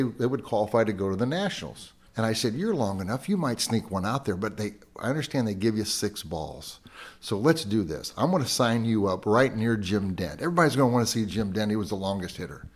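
An older American man, a podcast guest, telling a long story in a casual chat and quoting people with energy. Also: lowish voice. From United States. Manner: lively storyteller who quotes people in raised voices.

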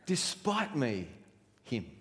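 A man preaches from the front of a church. His voice sits at an ordinary middle pitch and fires off question after question. A long reverb from the large hall trails behind each phrase. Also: wildly swooping pitch, slow pace, gravelly, fairly bright tone. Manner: earnest preaching, full of rhetorical questions. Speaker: pastor. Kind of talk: sermon.

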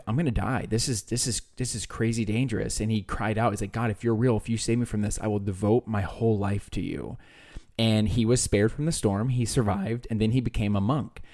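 Young guy chatting on a faith podcast, kinda low, mellow, wanders off mid-thought a lot. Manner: rambling, hesitant, many fillers. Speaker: podcast co-host. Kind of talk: casual faith podcast chat.

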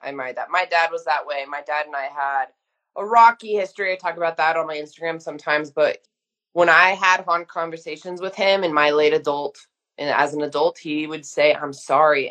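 Lower-voiced woman in her 30s, blunt and emphatic, talks like she's chatting with a friend. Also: fairly bright tone. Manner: frank, emphatic, uses mild swearing. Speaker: guest therapist. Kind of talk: casual podcast conversation.

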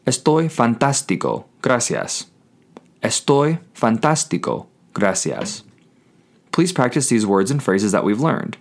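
A man hosting a scripted Spanish lesson, speaking clearly and patiently, repeating each phrase slowly for learners. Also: mid-range voice, big pitch swings. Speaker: Spanish language teacher.

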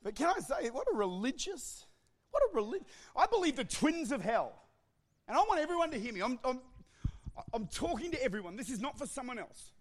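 A man preaching a sermon as pastor, impassioned and often shouting, with joking asides. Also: very high voice, sing-song, a little fast.

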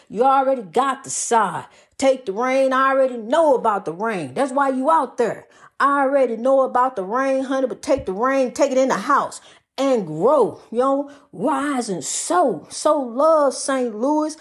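A woman giving a preachy, motivational monologue with a sing-song delivery, repeating phrases and calling listeners honey. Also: fairly high pitch. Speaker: inspirational speaker.

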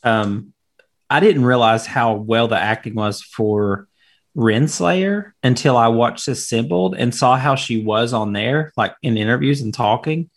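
A man's voice: mid-range voice, measured pace. A man in a casual podcast chat with a wry, dry humor.

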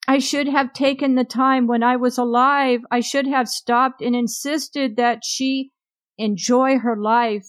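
A woman tells a past-life story in a slow, unhurried, emotional way. Her voice sits somewhat high. The recording is close and dry, with no room sound. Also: fairly even intonation, clean tone, dry recording. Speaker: narrator. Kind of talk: first-person past-life narration.

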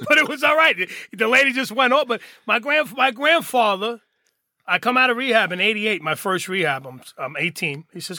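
A man's voice: sits high, a little fast, no echo, studio quality. A middle-aged man telling blunt stories from his past in a casual podcast chat, acting out the voices of the people in them. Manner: animated storyteller, acts out quoted voices, swears freely. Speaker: podcast guest.

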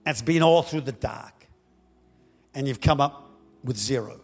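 A male pastor preaching a dramatic storytelling sermon that swings up to shouting. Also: mid-range voice, unhurried, vocal fry, breathy edge.

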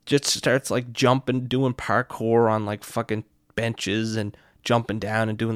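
A young man telling a night-out story in a profane, excitable way, constantly checking in with his listener. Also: medium pitch, normal speed, few pauses, no room sound, studio quality. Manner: profane, excitable, keeps asking "right?". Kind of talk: casual anecdote.

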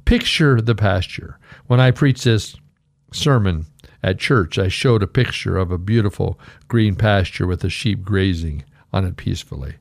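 A middle-aged male pastor giving an earnest radio devotional, telling stories and slowly reciting scripture. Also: low-pitched, gravelly, no echo, clean studio sound. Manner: earnest, warm storytelling with slow scripture recitation.

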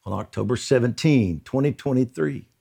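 A man reading a prayer account aloud in a slow, earnest devotional style, lifting his voice on quoted lines. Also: mid-range voice, vocal fry, warm tone, breathy edge.

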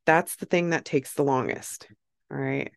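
Female podcast host, measured and unhurried, emphatic and repetitive, recorded dry and close. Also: extremely low pitch, steady tone, creaky, no echo. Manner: emphatic, repeats herself, says okay and like often. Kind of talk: casual motivational monologue.

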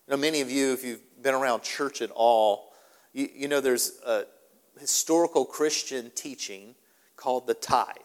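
A man's voice: mid-range voice, moderate pace, in a large hall. A male pastor preaching a sermon in an emphatic style, often repeating his words for stress. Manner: animated, repetitive, emphatic.

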